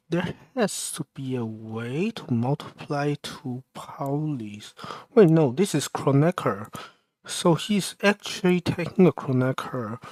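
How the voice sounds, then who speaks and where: Slow, mumbling man thinking aloud. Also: medium pitch, darkish tone, no echo. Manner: mumbling, halting and self-questioning. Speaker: livestreamer. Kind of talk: thinking aloud while programming.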